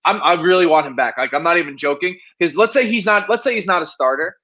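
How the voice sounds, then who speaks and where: Sarcastic high-voiced man on a muffled line. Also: quick pace, sharp tone. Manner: sarcastic, exasperated, rhetorical questions. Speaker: podcast co-host. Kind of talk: casual sports podcast chat.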